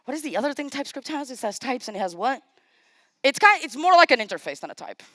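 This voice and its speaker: A woman giving a live-coding talk at a conference. She is chatty and casual, makes self-deprecating asides, thinks out loud as she types, and speaks directly to the audience. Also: high-pitched, sing-song, quick pace, dry recording. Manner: thinks aloud while typing, talks to the audience. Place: conference stage.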